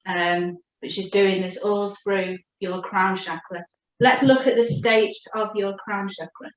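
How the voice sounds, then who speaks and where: A woman giving a gentle, reassuring spiritual chakra reading as a coach. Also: mid-range voice, fairly even intonation. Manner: gentle, reassuring, speaks slowly when addressing her guide. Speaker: oracle card reader and coach. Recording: echoey room.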